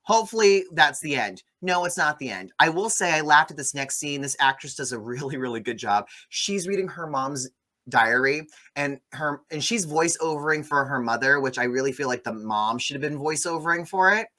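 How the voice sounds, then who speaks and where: A man in his thirties hosting a casual movie review chat, retelling scenes in an animated way. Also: fairly high pitch, moderate pace. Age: 30s. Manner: animated storytelling, acts out quoted lines. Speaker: movie review podcast host.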